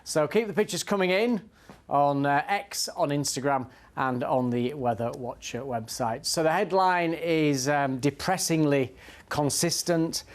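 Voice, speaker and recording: A man's voice: on the high side, unhurried. Brief: male weather presenter, conversational and easygoing. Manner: relaxed, conversational, dry. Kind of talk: TV weather forecast.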